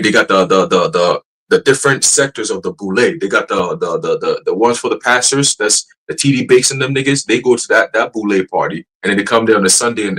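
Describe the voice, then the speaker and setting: A man teaching casually on a church livestream, profane and animated, laughing and mocking as he talks. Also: fairly low pitch, husky, rough recording.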